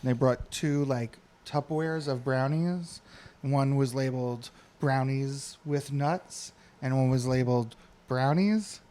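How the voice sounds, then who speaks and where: A man's voice: mid-range voice, a little slow, warm tone. A man in casual podcast chat, telling stories in an upbeat way and laughing at his own tales. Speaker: podcast co-host.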